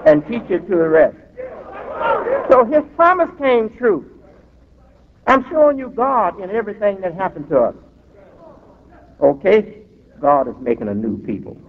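A man preaching a sermon as an imam, emphatic and drawn-out, breaking off for asides, heard through a tinny recording in a reverberant hall. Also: fairly high pitch.

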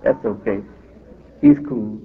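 A man preaching as an imam uses a fairly low pitch, emphatic and drawn-out, with asides along the way. A crowd sounds in the background of the tinny recording from a reverberant hall.

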